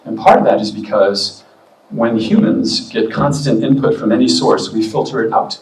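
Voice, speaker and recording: A man giving a relaxed, chatty talk as a medium to an expo audience, with many fillers. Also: medium pitch, normal speed, distant mic, a little hiss or hum. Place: expo hall. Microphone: booming handheld or stand mic. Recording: echoey hall, mic heard from afar.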